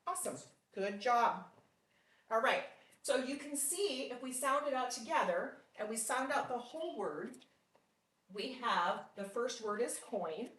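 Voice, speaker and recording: Woman, phonics tutor, encouraging and deliberate; reverberant, distant recording. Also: fairly high pitch, expressive, fairly bright tone. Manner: patient, encouraging, with frequent praise; slow, deliberate sounding out of words. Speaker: phonics teacher. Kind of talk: one-on-one phonics lesson. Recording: roomy sound from off mic.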